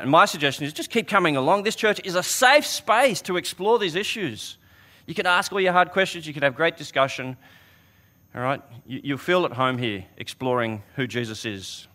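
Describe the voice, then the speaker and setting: Aussie pastor guy giving a sermon, earnest chatty storyteller, kinda high bright voice. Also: animated, moderate pace. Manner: earnest, conversational storytelling with repeated restarts. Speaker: preacher.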